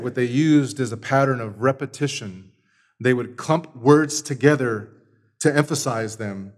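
Male pastor, sermon delivery, emphatic, builds volume on repetition. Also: medium pitch. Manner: emphatic, builds to loud repeated words.

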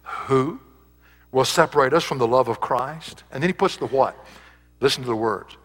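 A man's voice: mid-range voice, moderate pace, a bit bright. Man preaching in a reverberant hall. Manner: preaching with rising emphasis on scripture. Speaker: pastor. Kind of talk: sermon.

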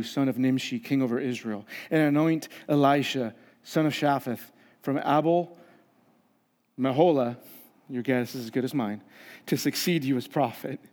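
A man's voice: mid-range voice, darkish tone. Guy preaching a sermon, chatty and funny, long echo from a big hall. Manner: conversational, acts out quoted voices with humor. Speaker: pastor. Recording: long reverb of a large hall.

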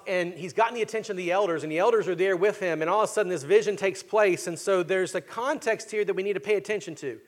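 A man with a high voice delivers a sermon, working through the passage in a teaching manner. He often stops to ask his listeners rhetorical questions. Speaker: pastor.

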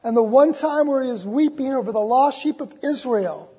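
A man preaching a sermon in a church, impassioned and urgent, repeating his words and swinging between loud and hushed. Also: very high-pitched, normal speed, husky. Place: church sanctuary. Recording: dull recording with long church reverb.

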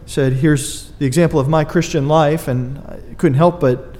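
A man's voice: on the high side, steady tone, normal speed, mellow, in a large hall. A man preaching a sermon, earnest and emphatic, with dry asides to his congregation. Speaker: pastor.

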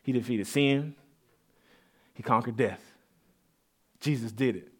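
A man's voice: medium pitch, takes it slowly, breathy edge. A man preaching a casual, conversational sermon in a church. He repeats and restarts words and builds to emphatic peaks. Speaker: pastor.

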